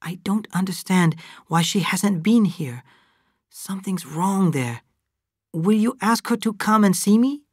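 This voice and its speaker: A reader voicing a patient, loyal household companion who answers quietly and with measure in an audiobook reading. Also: mid-range voice, a little slow, breathy edge, no echo, studio quality, pitched above the performer's own voice. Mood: concerned.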